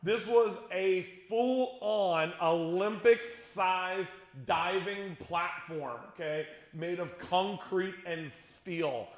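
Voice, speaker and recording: In a big conference hall with plenty of echo, a middle-aged man entertains a youth audience with a humorous story. His high voice moves very slowly with hardly any pauses as he animatedly acts out quotes and jokes with listeners. He is a youth speaker.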